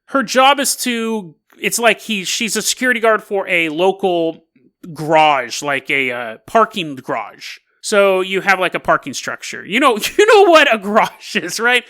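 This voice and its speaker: A man hosting a podcast, telling a strange tale in a casual, animated way and laughing between lines. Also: sits high, a little slow. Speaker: podcast host. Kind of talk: casual storytelling.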